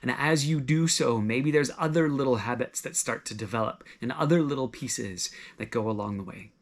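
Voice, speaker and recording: A man preaching a sermon, conversational and gently encouraging, full of everyday examples. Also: medium pitch, normal speed. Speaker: pastor.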